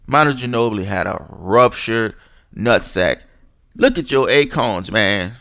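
A young man vents on his podcast in a slow, seething rant. His pitch swings widely between low grumbles and sharp outbursts, and the dry, close sound puts every curse right in your ear. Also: expressive, no room sound. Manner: furious, disgusted, swearing, mocking. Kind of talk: angry profane rant.

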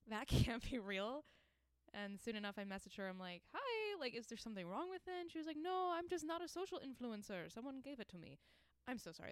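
A woman's voice: mid-range voice, clean tone, dry recording. A young woman hosting her own podcast, talking in an earnest, encouraging way and often restarting her sentences. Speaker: podcast host. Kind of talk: casual solo podcast monologue.

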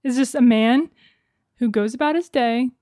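Sassy high-voiced woman guest. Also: normal speed, warm tone, no room sound, studio quality. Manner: blunt, sassy opinions. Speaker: podcast guest. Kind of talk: casual movie chat.

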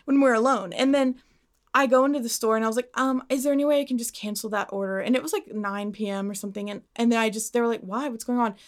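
A young woman co-hosting a podcast, telling a long personal story in casual chat, animated and swearing as she acts out what people said. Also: a little high, quick pace. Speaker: podcast co-host.

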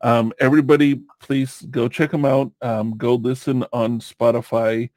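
A man's voice: medium pitch, flat delivery, unhurried, a little mellow, dry recording. A man hosting a podcast, chatting casually in a rambling way, with lots of fillers and easy laughs. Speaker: podcast host.

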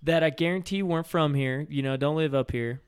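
A man, a fishing guide and podcast co-host telling an animated story in casual chat. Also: a little high, brisk, clear, resonant tone. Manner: animated storyteller, acts out shouts in quotes.

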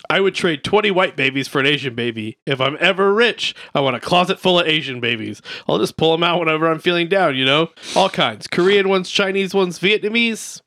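A podcast co-host reading jokes deadpan, with a bright, forceful voice pitched a little high. He's close and dry on the mic, with no room sound around him. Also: fairly quick, hardly any pauses, dry recording. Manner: deadpan joke reading, crude banter. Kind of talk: casual podcast chat, reading comedians' jokes aloud.

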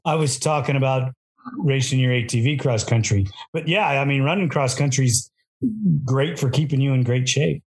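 A man's voice: mid-range voice, moderate pace. Easygoing middle-aged male interviewer. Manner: easygoing, encouraging, with small restarts. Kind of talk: interview questions.

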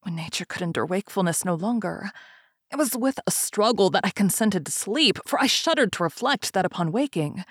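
A woman giving a slow, grave, measured dramatic reading of a gothic tale. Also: medium pitch, animated, slightly rough, no room sound, studio quality. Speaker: reader.

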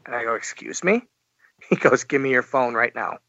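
A man's voice: mid-range voice, normal speed, pushed and bright, no room sound, lo-fi sound. A man as a podcast guest, telling a story animatedly and acting out the dialogue. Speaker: interview guest. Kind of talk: podcast interview.

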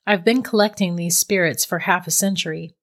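A woman's voice: lowish voice, brisk. Woman reading as a cold, mocking witch. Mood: cool, teasing. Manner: calm, matter-of-fact and mocking. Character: cold, teasing middle-aged female witch captor. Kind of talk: storybook reading.

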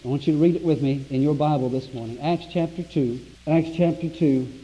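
A man preaching a sermon as pastor, emphatic and rising to loud exclamations. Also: on the high side, a little fast. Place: church sanctuary. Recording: dull lo-fi recording with long hall reverb.

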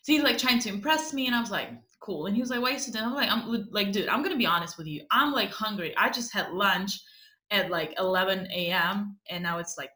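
A woman's voice: mid-range voice, brisk, pushed and bright. A young woman from Ukraine, chatting as a podcast co-host, swearing freely and laughing often as she tells a story. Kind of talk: casual storytelling chat. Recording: echoey room.

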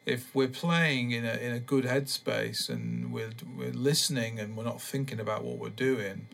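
A man hosting a podcast, rambling in a relaxed, meandering way with many pauses and ums. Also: mid-range voice, vocal fry, faint music behind. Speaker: podcast host. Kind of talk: casual rambling monologue.

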